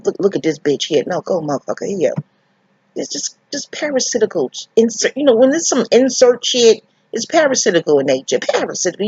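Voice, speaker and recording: A middle-aged woman reviewing a TV episode in casual commentary. She rambles and swears, breaks off to scold her computer, and her voice leaps high for emphasis. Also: slightly rough, no echo. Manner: profane, scattered, talks to herself and the screen. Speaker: TV show reviewer. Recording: dull lo-fi audio.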